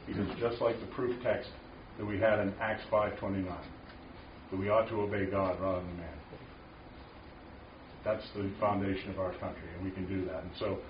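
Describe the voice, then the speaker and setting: A man's voice: lowish voice, echoey room. Emphatic male lay preacher, muffled distant recording with faint noise. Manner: passionate, emphatic, rising to loud declarations. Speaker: Christian speaker at a men's gathering. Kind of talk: informal preaching talk. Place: room with a small audience.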